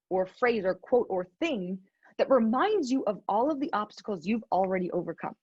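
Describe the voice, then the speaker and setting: A young woman giving an earnest, animated motivational talk, telling a story and laughing now and then. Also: on the high side, husky, no echo, highs cut off. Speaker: motivational speaker.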